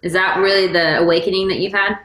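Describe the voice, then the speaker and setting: A woman hosts a relaxed conversation, chatty and full of "like". Her voice is bright and forceful, and the room around her echoes. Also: lowish voice, fast talker. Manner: chatty, lots of "like". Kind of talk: casual chat.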